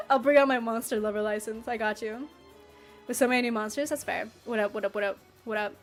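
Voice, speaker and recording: A playful woman streamer reads her chat and talks casually with viewers in a slightly high voice, speaking fast. She swings between mock outrage and easy laughter as she reacts, with faint music in the background.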